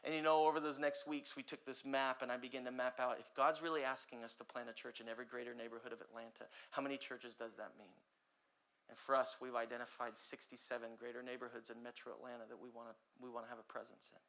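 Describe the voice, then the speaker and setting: A young adult man preaching a sermon as pastor, impassioned, swinging between loud urgent passages and quiet ones. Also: medium pitch, level tone, quick pace.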